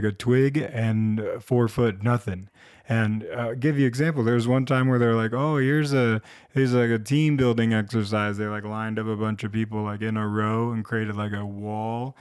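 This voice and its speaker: A man's voice: on the low side, a little mellow, smooth. A young man telling a comedic story to camera in a rambling, self-deprecating way, with sarcastic asides. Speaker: storytime vlogger.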